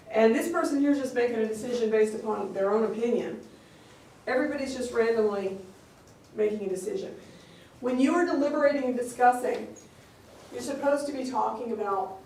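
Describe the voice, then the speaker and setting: Female trainer, slightly high voice, explanatory and chatty, recorded at a distance in a boomy room. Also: a little mellow, a little hiss or hum. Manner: explanatory, acts out quoted exchanges. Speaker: open meeting law trainer. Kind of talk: conversational training talk. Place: district office meeting room. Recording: very echoey room, picked up from afar.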